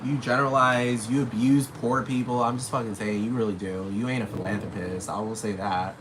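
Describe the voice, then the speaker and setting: A man's voice: lowish voice, steady tone, fairly quick. Profane rambling man on a noisy recording. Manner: rambling, profane, talks straight at his targets. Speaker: vlogger. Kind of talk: casual rant to camera. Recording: noisy background hiss.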